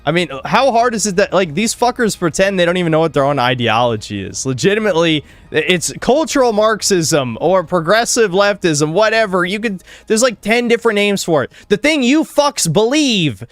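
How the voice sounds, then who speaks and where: A man's voice: sits high, very animated, normal speed, hardly any pauses, dry recording. A man hosting a casual podcast while gaming, rambling and swearing with lots of filler words. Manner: rambling, profane, heavy use of "like". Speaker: podcast host.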